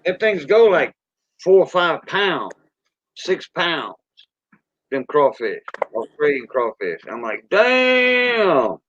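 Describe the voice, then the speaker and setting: A man's voice: fairly high pitch, expressive, slow pace, no echo. Folksy Cajun man on a lo-fi stream. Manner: rambling, folksy, greets viewers by name. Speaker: livestream host. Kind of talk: casual livestream chat. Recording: dull lo-fi dry sound.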